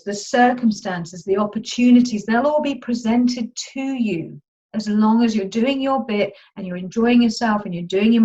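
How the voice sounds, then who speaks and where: This live online masterclass is led by a woman coaching on money mindset, whose fairly high, slightly mellow voice carries a chatty, upbeat, informal tone. The video call audio is dull and lo-fi.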